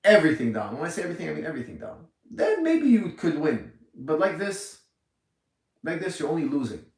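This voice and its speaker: A man's voice: fairly high pitch, sing-song, fairly quick, creaky, darkish tone, distant mic. A man in his forties giving an indignant, emphatic livestream rant from a gym, repeating his points. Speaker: gym owner. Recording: echoey room, off mic.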